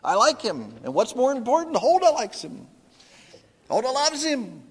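A man's voice: extremely high pitch, wildly swooping pitch, moderate pace, slightly rough, voice pushed up, exaggerated voice. A man imitating a blustery but timid middle-aged father, with a raised, pleading voice in a reverberant hall.

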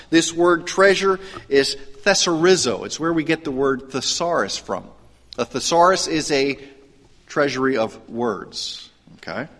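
A man preaching a sermon, his voice pitched a bit high for a man. He swings from raised, emphatic declarations to quiet, hushed asides. A long hall reverb trails after his words. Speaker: pastor.

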